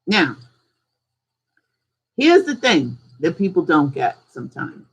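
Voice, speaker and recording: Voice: mid-range voice, very animated, takes it slowly, breathy edge, low-quality recording. A host teaching casually on a live stream, talking conversationally and firing off strings of rhetorical questions. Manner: acts out little examples in different voices. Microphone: streaming setup.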